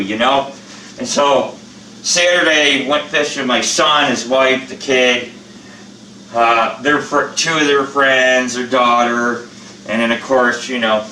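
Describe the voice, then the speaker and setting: A man's voice: medium pitch, bright, forceful tone, echoey room, far from the mic, a little hiss or hum, poor audio. An older man who is a channel host, chatting bluntly and rambling with plenty of swearing in a casual how-to vlog.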